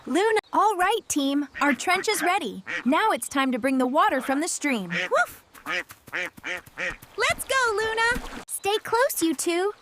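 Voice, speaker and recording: Sweet cartoon girl, gentle and encouraging, very high and lively, as a woman voices her; steady noise behind. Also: measured pace, full character voice. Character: kind, encouraging young girl. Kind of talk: children's cartoon voice acting.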